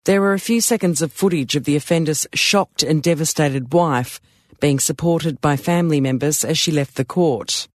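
A man's voice: a little high, moderate pace, dry recording. Man narrating an audiobook, dry close sound.

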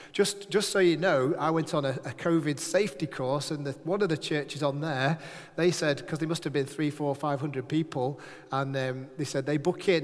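A man leading a church service, giving notices in a chatty, joking, rambling way to a live congregation. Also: on the high side. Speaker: church leader. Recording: echoey hall.

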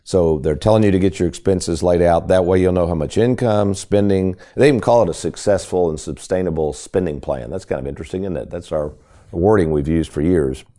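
A low, dark male voice carries this talk radio segment. He speaks with emphatic, folksy energy, turning often to the listeners at home. His tone stays mellow even when he presses a point. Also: a little fast. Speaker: financial radio show host.

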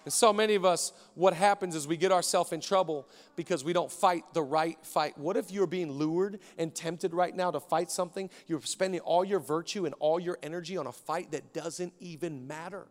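A male pastor preaching a sermon with rhythmic repetition, swinging between shouted peaks and hushed stretches. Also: on the high side, normal speed, few pauses, big-room sound. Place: church auditorium.

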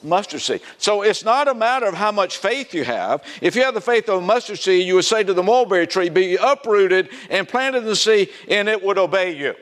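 A man's voice: high-pitched, brisk, few pauses. A man from South Carolina with a Southern American accent, preaching a sermon and asking the audience questions as he goes. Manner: animated, asks the audience questions, acts out quoted voices. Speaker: pastor.

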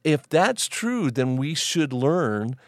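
Middle-aged pastor, gravelly voice, lively pitch, measured reading of scripture, close dry mic. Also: male voice, no room sound. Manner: slow, deliberate scripture reading in King James wording. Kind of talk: Bible reading and teaching podcast talk.

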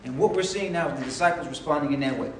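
A man's voice: fairly high pitch, very fast, slight background noise. A man preaching a sermon, telling the story in a casual, conversational way and acting out dialogue. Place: church sanctuary. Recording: echoey hall from far off. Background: congregation responses.

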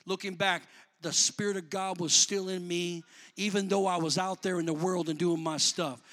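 A man preaching a sermon, talking in a plain, colloquial way to the congregation and rising to shouts before dropping back to easy talk. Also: high-pitched, steady tone, normal speed. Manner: builds to shouting, then drops back to conversational.

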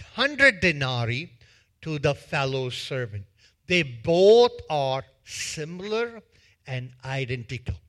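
A pastor preaching slowly and deliberately, with a bright, forceful voice set slightly high for a man. He retells a story with animated delivery and acts out its scenes in front of the congregation. The voice is recorded in a church. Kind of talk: sermon.

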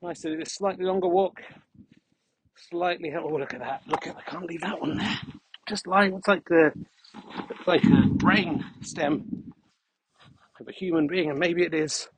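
A man rambling through a deadpan, mock-grandiose comic monologue while walking his dog across open fields, recorded on a mic he carries. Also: fairly high pitch, moderate pace, pauses often, a little hiss or hum.

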